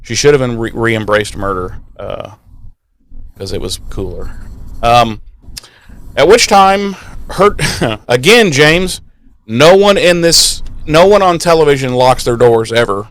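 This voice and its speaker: A man's voice: medium pitch, a little slow, fairly bright tone. Sarcastic, chatty male podcast host. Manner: chatty and profane, sarcastic asides. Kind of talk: casual episode recap.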